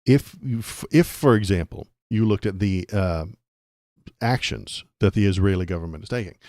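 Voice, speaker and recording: Brief: male political streamer, low voice, dry close mic, ranty and sarcastic, laughs along with chat. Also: moderate pace, a little mellow, no echo. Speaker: political livestream host. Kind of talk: ranting livestream commentary.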